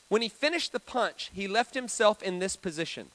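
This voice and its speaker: A high-voiced man preaches with bright, forceful energy. He tells stories in a chatty way and asks the crowd questions. He swings from booming to hushed for drama. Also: normal speed. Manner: animated, dramatic preaching with sudden loud and soft swings; conversational, asks the audience questions. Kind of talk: storytelling sermon.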